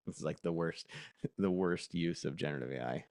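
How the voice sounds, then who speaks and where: A man presenting a casual live workshop demo. He thinks aloud, gets excitable and laughs often. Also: low voice, normal speed, no room sound, studio quality.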